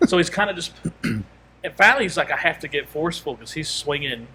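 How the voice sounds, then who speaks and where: A man's voice: on the high side, lively intonation, fairly quick, pushed and bright, a little hiss or hum. A man co-hosting a podcast, telling a long story in casual chat and rambling through quoted asides and restarts. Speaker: podcast co-host.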